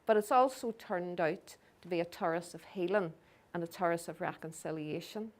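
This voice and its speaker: Speaking at normal speed in a lowish, darkish voice, a middle-aged Belfast woman lectures with slides. She's from Northern Ireland and tells stories in which she performs the people she quotes.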